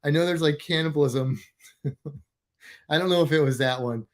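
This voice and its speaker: A man's voice: fairly high pitch, normal speed. A man co-hosting a casual livestream, talking in rambling, self-interrupting bursts and joking around. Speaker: livestream co-host. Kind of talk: casual chat.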